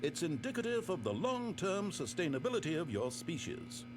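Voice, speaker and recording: An actor playing a dry, all-knowing game narrator, speaking in a measured, wry and formal way. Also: male voice, fairly high pitch, sing-song, background noise. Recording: game audio with music behind. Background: game music.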